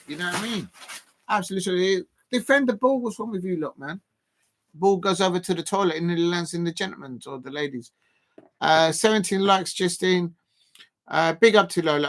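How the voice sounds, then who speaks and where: A man's voice: high voice, a little hiss or hum. Chatty young-sounding man streaming. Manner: rambling, chatty, lots of fillers, shouts out viewers. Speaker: live stream host. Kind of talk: casual live watch-along commentary.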